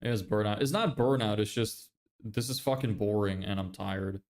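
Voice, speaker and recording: A man's voice: on the low side, moderate pace, darkish tone. A young man chatting casually on a livestream, reading viewer messages, swearing and laughing often. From Ireland. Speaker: livestreamer and agency owner.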